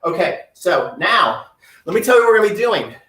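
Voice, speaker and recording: High-voiced tennis coach in echoey room. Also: male voice, very animated, a little fast, pushed and bright, recorded from a distance. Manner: upbeat, coaching while exercising. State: breathing heavily at times. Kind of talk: live-streamed home workout instruction. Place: room at home.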